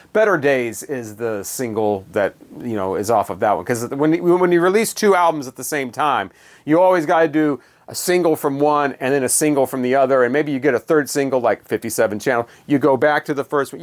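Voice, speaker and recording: A man reviewing albums in a casual, rambling way with many fillers and wry asides. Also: medium pitch. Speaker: music reviewer.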